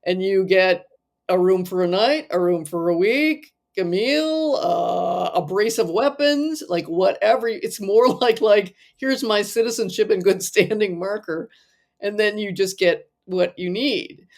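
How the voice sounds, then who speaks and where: A woman's voice: medium pitch, expressive, measured pace, vocal fry, a little mellow. A woman co-hosting a podcast, chatting casually and enthusiastically about films, laughing often and using many fillers. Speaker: podcast co-host. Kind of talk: casual film discussion.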